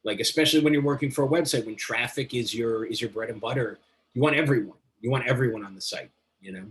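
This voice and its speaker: A man's voice: mid-range voice, fast talker, fairly bright tone. A man speaking as a guest in a casual interview, a metal journalist who rambles enthusiastically and swears freely.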